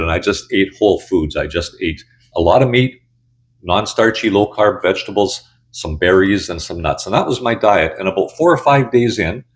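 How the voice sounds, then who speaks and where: A man in his sixties telling his own story to camera in a candid, blunt, conversational way. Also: sits low. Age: 60s. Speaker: channel host. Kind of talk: casual personal storytelling.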